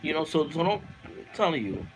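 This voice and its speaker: A man ranting on a livestream, fiery and profane, repeating himself and climbing into shouted outbursts. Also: a little high, sing-song, a little fast, over music. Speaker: livestream host reading viewer comments. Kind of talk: heated political rant on a livestream.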